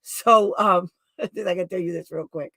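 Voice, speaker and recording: A woman hosting a show as a special education advocate, telling stories in a chatty, rambling way with asides and quick restarts. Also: lowish voice, vocal fry, pushed and bright, no room sound. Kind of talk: casual storytelling livestream talk.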